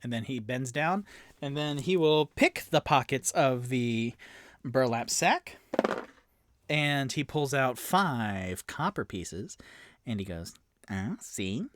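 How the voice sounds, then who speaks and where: A man's voice: mid-range voice, animated, slow pace, a bit bright. A young man narrating a solo tabletop game as game master, chatty and prone to self-mocking tangents.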